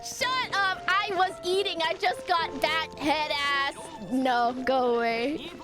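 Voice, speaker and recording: Excitable woman gamer, squeaky high pitch, drawn-out delivery, shrieky reactions over game music. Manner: excitable, shrieking and laughing at the screen. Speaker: streamer. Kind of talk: live gameplay stream commentary. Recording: game music playing behind. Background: game soundtrack.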